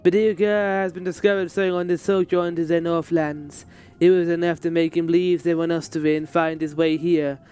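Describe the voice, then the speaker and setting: A man's voice: a little high, steady tone, fairly quick, darkish tone, clean tone, soft background music, close to an everyday voice. A man voicing a small Tarutaru scholar from a game with a put-on French accent, reading the dialogue aloud. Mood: theatrical.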